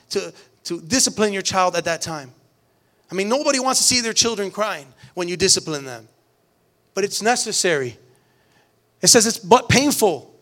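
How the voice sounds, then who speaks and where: A man's voice: high voice, a bit bright. A middle-aged man preaching a sermon to a church, earnest and emphatic, often restarting phrases. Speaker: pastor.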